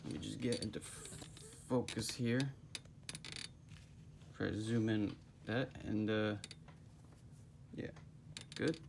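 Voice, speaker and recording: A man's voice: fairly low pitch, fairly even intonation, slow pace, creaky, long pauses, noisy background. A man in his twenties giving a casual, rambling book review, recorded on a phone. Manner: rambling, full of fillers.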